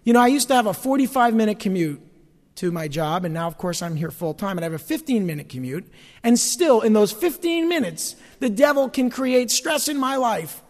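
Male pastor, high lively voice, church hall reverb, folksy preaching. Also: a little fast. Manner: animated preaching, folksy asides. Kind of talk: sermon.

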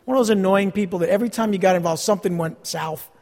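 A pastor preaching a sermon, telling stories about himself with self-deprecating humor. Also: male voice, high voice, quick pace, darkish tone, in a large hall.

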